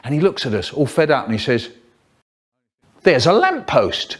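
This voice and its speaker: An older man telling a funny school story in an animated, expressive way, acting out the voices and noises. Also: moderate pace, husky. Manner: expressive, acts out voices and sounds, lively swings in pitch.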